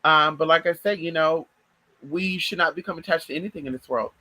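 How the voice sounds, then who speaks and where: Woman, casual vlog chat, swears a lot, talks to viewers as y'all, bright and forceful, dry close sound. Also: sits low, fairly quick, no echo, low-quality recording. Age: adult. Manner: chatty, addresses viewers as y'all and girl, swears freely. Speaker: vlogger.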